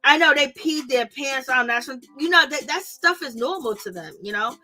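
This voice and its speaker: High, bright-voiced exasperated woman vlogger. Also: normal speed, soft background music. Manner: exasperated, animated, slangy, talks to viewers directly. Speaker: vlogger reviewing reality TV. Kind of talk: casual ranting commentary.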